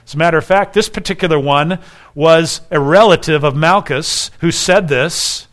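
A male preacher with a fairly high voice delivers an expository sermon. He acts out the quoted lines with raised emphasis and drops into quiet asides. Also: normal speed. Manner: shifts between soft asides and raised emphasis. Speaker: pastor.

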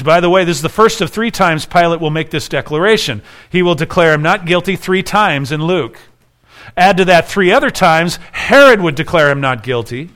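A man preaching an expository sermon, emphatic, repeating key phrases and slowing down for quoted scripture. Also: a little high, a bit bright.

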